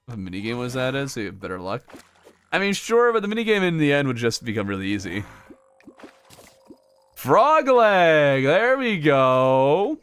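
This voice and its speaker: A man streaming a video game in a relaxed, chatty way, reacting to finds and answering his viewers with frequent laughs. His mid-pitched voice swings widely up and down as he talks, with faint music playing underneath. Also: fast talker, smooth. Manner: laughs often between remarks. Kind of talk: casual livestream chat with viewers.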